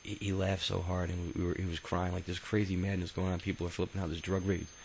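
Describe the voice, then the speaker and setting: Man, deep and gravelly, telling his memoir off the cuff: rambling, profane, full of ums and restarts. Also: monotone, quick pace, slight background noise, poor audio. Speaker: autobiography narrator. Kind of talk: casual spoken memoir.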